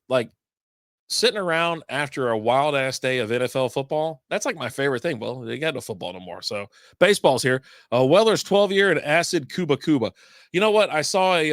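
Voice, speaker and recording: Recorded at studio quality with no room sound, a man with a medium-pitched, somewhat bright voice delivers a casual beer podcast monologue. As host, he meanders through lengthy tales, heavy on asides and filler words.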